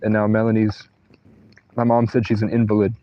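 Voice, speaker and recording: A man's voice: fairly low pitch, completely flat delivery, a little fast, highs cut off. A man livestreaming from a tent in a thunderstorm, rambling through personal stories with profanity and unfinished sentences. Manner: meandering, profane, trails off mid-sentence. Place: inside a tent during a thunderstorm.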